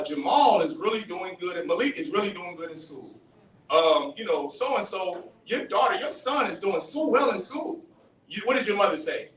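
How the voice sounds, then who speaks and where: A man giving a fiery street-style religious lecture, animated, questioning the audience and acting out voices. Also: sits high. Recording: roomy, distant mic, faint hiss.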